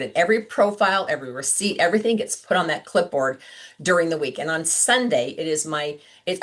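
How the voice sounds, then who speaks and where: A woman sales director giving a chatty, upbeat training talk to her team on a video call, full of asides and quick questions. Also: deep voice. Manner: chatty, upbeat, lots of "like" and "right?". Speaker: sales director coaching consultants.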